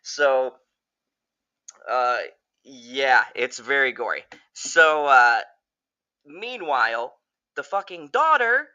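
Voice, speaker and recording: Man, casual movie review, bright voice, swearing constantly, excitable rambling. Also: slow, long pauses, clear, resonant tone, lo-fi sound. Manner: jumps high when quoting characters.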